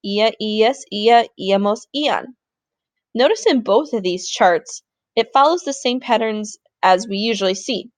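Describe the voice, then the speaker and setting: Chirpy woman teacher explaining grammar, kinda high voice, dry close mic. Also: a little slow, no room sound. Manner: upbeat, informal explaining. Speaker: Spanish teacher. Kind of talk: recorded grammar lesson.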